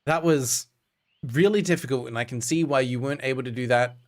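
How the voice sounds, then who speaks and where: A man's voice: medium pitch, brisk. A male streamer giving dry, sarcastic commentary while playing a game.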